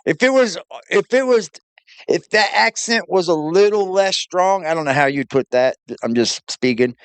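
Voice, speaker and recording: A man's voice: high voice, expressive, normal speed, smooth, dry recording. A man hosting a reaction show, casual, profane and mocking, laughing often. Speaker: reaction channel host.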